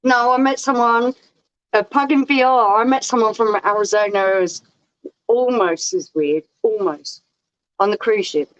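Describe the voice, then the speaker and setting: A woman's voice: fairly high pitch, measured pace, lo-fi sound. Teasing woman chatting on stream. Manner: teasing, chatty, talks to viewers. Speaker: livestream co-host. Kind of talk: casual chat.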